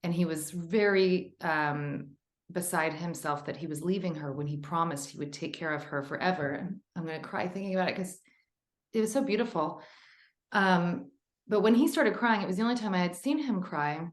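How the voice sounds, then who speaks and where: A woman's voice: lowish voice, moderate pace, reverberant. A woman author as a podcast guest, telling a personal story in an earnest, emotional, rambling way.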